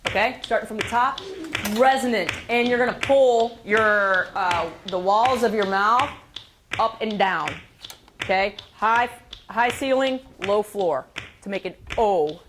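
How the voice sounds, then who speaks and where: A woman teaching a school band class, giving brisk directions with frequent fillers. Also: mid-range voice, background noise. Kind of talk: classroom instruction.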